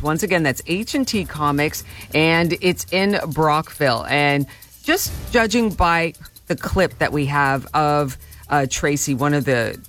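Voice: mid-range voice, fairly bright tone. A host giving conversational news commentary, hesitating and restarting, then turning upbeat to plug a shop. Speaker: show host.

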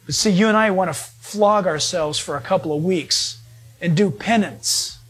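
A man preaching a sermon in a high-pitched voice. He drives his points hard with questions for his listeners and mixes in light joking asides. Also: moderate pace, a bit bright, breathy edge. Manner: asks the audience direct questions. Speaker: pastor.

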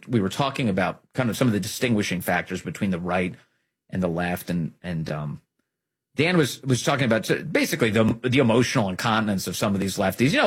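A man's voice: medium pitch, slightly rough. A man hosting an opinionated political commentary show, speaking emphatically and repeating key phrases for effect.

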